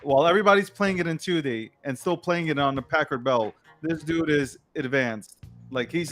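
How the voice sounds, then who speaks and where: A man's voice: mid-range voice, fairly bright tone. A man co-hosting a late-night news show, talking in a slangy, emphatic and rambling way in casual commentary.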